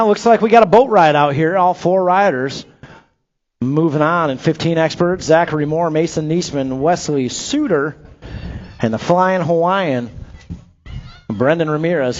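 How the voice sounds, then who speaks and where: A man calls live BMX motos over an outdoor track PA, running through rider names and finishing spots between quick jokes. His voice sits a little high for a man, and the sound is dull and lo-fi, like a public-address system. The delivery stays upbeat and conversational. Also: slight background noise. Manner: upbeat, joking asides between rapid race calls. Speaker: race announcer. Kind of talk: live BMX race commentary.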